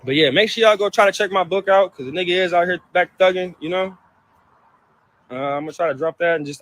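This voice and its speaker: Man, high voice, rapid-fire heated profane rant, hurt and upset; personal vlog to camera. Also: a bit bright. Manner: heated, profane, repetitive outbursts. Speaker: vlogger. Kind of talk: emotional personal venting to camera.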